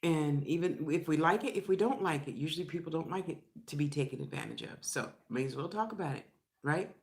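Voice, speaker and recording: A woman's voice: low-pitched, animated, brisk, a little mellow. An older woman chatting frankly into her vlog while she eats, laughing often. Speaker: vlogger. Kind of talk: casual chat while eating.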